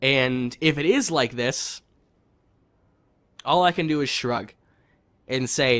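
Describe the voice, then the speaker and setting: A man's voice: mid-range voice, slow, long pauses, fairly bright tone. A man giving a heated, frustrated opinion rant on a video game, swearing and repeating himself for emphasis. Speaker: gaming commentator.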